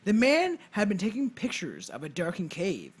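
A man's voice: sits high, wildly swooping pitch, moderate pace, slightly rough. A man hosting a casual podcast from his home basement, reading history notes aloud and adding offhand, swearing asides. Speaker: podcast host.

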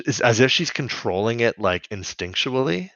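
A man's voice: mid-range voice, a bit bright, dry recording, muffled recording. A man co-hosting a podcast, casually recapping a cartoon episode in a rambling way with lots of fillers and laughs. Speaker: podcast co-host.

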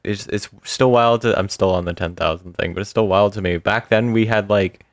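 A man's voice: on the low side, fairly even intonation, brisk, no echo. A man co-hosting a podcast in casual chat, wry and laid-back, cracking dry jokes. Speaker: podcast co-host.

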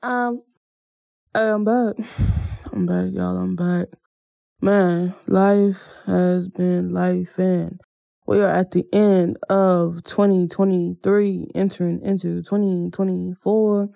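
Gravelly low-voiced woman podcast host. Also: steady tone, takes it slowly, dark tone, dry recording. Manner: candid, conversational, slangy. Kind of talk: casual reflective monologue.

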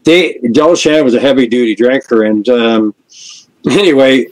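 A man's voice: medium pitch, normal speed, poor audio. An older man, a musician being interviewed, telling anecdotes and acting out the people in them. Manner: lively storyteller who acts out the people in his stories. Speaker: guest musician, lead singer. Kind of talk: anecdotal storytelling in a podcast interview.

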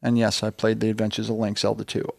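Male podcast co-host, gravelly texture, dry close mic, wry and opinionated. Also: lowish voice, completely flat delivery, fast talker, a little mellow, no room sound. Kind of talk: casual chat.

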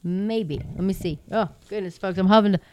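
A woman's voice: medium pitch, moderate pace, darkish tone, slight background noise. A middle-aged woman with a handheld mic, chatting in a folksy, casual way to listeners and reading scripture aloud. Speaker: online Bible teacher. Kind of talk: casual livestream Bible talk and scripture reading.

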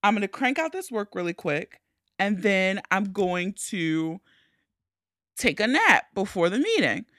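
A young woman tells a story on her podcast with a lively voice that swings widely in pitch. Her tone is bright and sharp, and she curses casually and jumps into high shrieks when she acts out panic. The sound is dry and close, with no room around it. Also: a little slow, no echo. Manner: animated, profane, shrieks when acting out panic. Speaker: podcast host.

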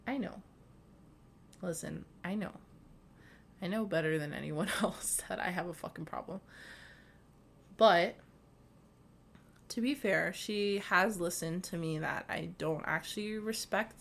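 A woman's voice: fairly low pitch, unhurried, gravelly, long pauses, fairly bright tone. Rambling young woman podcaster. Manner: rambling, lots of "like" fillers, casual swearing. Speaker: podcast host. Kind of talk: casual solo podcast monologue.

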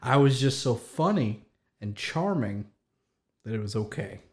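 A man guesting on a podcast, telling animated stories in casual chat and laughing and swearing often. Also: medium pitch, a little slow.

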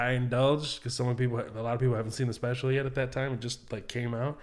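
A man with a middle-pitched voice chats casually as a comedian guest. He tells stories loosely and profanely. His laughter breaks in often. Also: fairly even intonation, fast, hardly any pauses. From Kuwait. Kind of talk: casual storytelling chat.

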